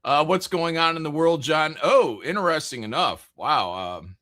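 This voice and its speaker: A man's voice: on the high side, expressive, moderate pace, sharp tone. A man hosting a casual live stream, rambling through chat messages with frequent jokes, laughs and swearing. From American Midwest.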